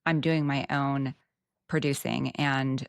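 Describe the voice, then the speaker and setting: A woman's voice: a bass voice, fairly even intonation, slow pace, vocal fry, clear, resonant tone, no room sound, clean studio sound. A woman with a Texan accent hosting a podcast chat, earnest and reflective with frank asides. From Texas. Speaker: podcast host. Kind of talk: casual podcast conversation.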